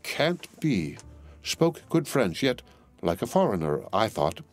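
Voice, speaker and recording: A man voicing a sharp, sardonic young English barrister who speaks in a cool, deliberate way. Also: on the low side, sing-song, faint music behind, heavily acted. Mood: musing.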